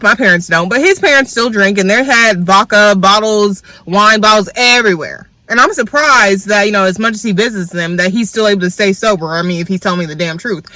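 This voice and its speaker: A young woman venting in a profane, animated storytime rant to her viewers. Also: mid-range voice, no echo. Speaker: vlogger.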